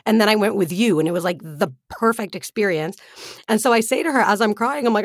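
A woman's voice: mid-range voice, fairly quick, dry recording, clean studio sound. A woman co-hosting a podcast, chatting casually, self-mocking and laughing often. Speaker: podcast co-host. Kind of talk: casual chat.

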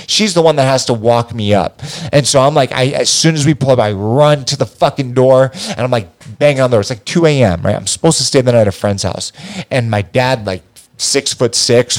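A man telling a wild story in a casual, loose chat, swearing freely and getting animated. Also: medium pitch.

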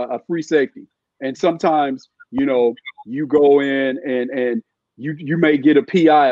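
A man's voice: a little high, darkish tone, dry recording. Man in his fifties, lo-fi remote line. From California. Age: 50s. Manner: emphatic, repeats his points, builds arguments with analogies. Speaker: guest, former sportswriter and scout. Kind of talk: podcast sports analysis.

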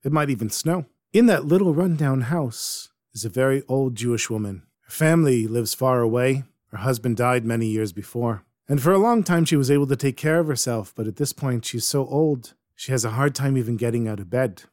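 A man telling a folk story aloud in a lively way, dropping in Yiddish words. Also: mid-range voice, a little fast, hardly any pauses, no echo, studio quality. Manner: animated, sprinkles Yiddish words. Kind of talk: oral storytelling. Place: Jerusalem.

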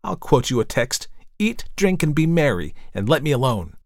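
A man voicing a spirited, quick-tempered young woman. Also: vocal fry, dry recording, studio quality, natural voice. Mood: sharp. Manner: high, sharp and excitable. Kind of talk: audiobook character voice.

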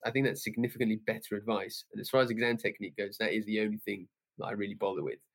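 A man's voice: on the low side, steady tone, rapid-fire. A man, a science teacher speaking bluntly in a conversational interview, acting out exchanges with students.

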